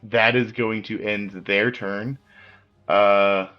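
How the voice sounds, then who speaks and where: A man's voice: on the low side, flat delivery, slow, muffled recording, faint music behind. A man narrating as game master of a tabletop game, with a loose descriptive style full of "like" fillers.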